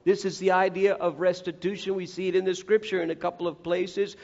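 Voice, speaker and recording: Man, preacher, high voice, earnest sermon, acts out quotes, dull lo-fi recording. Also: flat delivery, fairly quick, gravelly, a little mellow. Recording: echoey hall, dull lo-fi sound.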